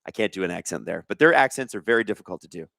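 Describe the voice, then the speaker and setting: A man hosting a live hockey watch-along, reading viewer chat aloud and calling plays with excitable energy. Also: low-pitched, rapid-fire, creaky, no echo, clean studio sound.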